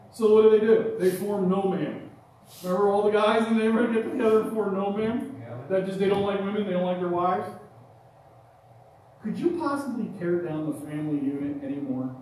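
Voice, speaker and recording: A man's voice: high voice, dark tone, a little hiss or hum. A middle-aged male pastor giving a conversational sermon in a church, often asking "right?" and "amen?". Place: church sanctuary. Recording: echoey church from far off.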